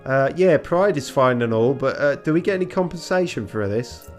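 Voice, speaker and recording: A man's voice: medium pitch, animated, normal speed, darkish tone, soft background music, voice pushed up, close to an everyday voice. A man voicing a nervous young male sparrow assistant in a game, with a whiny, grumbling manner.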